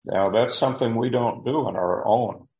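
A man giving a deliberate verse-by-verse Bible teaching, with frequent fillers and repeated words. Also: mid-range voice, roomy sound, lo-fi sound.

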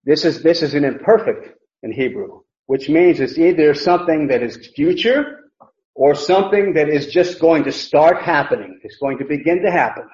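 A man's voice: a little high, animated, moderate pace, a little mellow. A man teaching an expository Bible sermon, emphatic, and often repeating phrases. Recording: roomy, dull lo-fi sound.

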